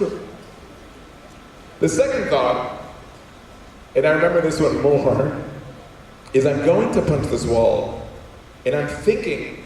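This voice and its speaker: A young adult man telling funny stories as a guest speaker in a large school auditorium, animated and acting out quotes in voices. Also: fairly high pitch, a little slow, pauses often, slight background noise. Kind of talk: comedic storytelling talk. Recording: echoey hall, distant mic.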